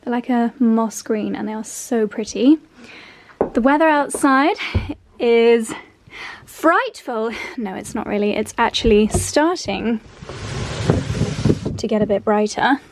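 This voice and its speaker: A woman's voice: medium pitch, unhurried, creaky, noisy background. A young woman chatting to camera at home, gushing and affectionate as she talks through her day. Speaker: lifestyle vlogger. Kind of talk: casual vlog narration to camera. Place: country home indoors and garden.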